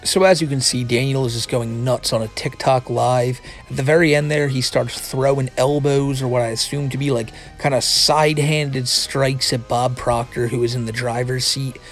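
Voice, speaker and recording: A man's voice: medium pitch, steady tone, moderate pace, few pauses. Male host, loose rambling commentary with lots of cursing and restarts; faint music under him. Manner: rambling, profane, restarts a lot. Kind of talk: casual video commentary.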